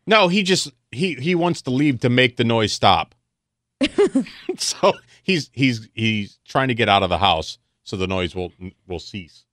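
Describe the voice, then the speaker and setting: A male radio co-host with a bright, forward voice, bantering drily. His pitch jumps around a lot, heard dry and close at the studio mic. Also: animated, measured pace, no room sound. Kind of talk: casual radio chat.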